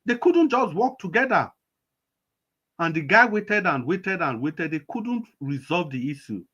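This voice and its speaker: A man's voice: mid-range voice, fairly bright tone. Nigerian man on dull lo-fi call audio. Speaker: panelist. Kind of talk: political commentary. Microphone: video call.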